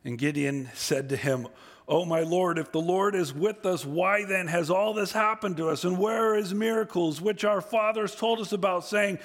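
A man preaching a sermon, reading scripture aloud and acting out the speakers, moving from low, quiet reading to loud, high emphasis. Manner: acts out voices in scripture and paraphrase.

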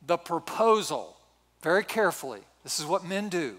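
A man in his sixties, a pastor telling a personal story in a sermon with animated, self-mocking humor. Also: on the high side, moderate pace. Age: 60s. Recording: reverberant hall.

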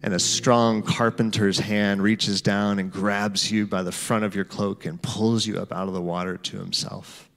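A man's voice: fairly low pitch, flat delivery, measured pace, creaky, hardly any pauses, fairly bright tone, soft background music. A man preaching a sermon, telling a story in guided imagery and speaking to the listeners as "you". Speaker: pastor.

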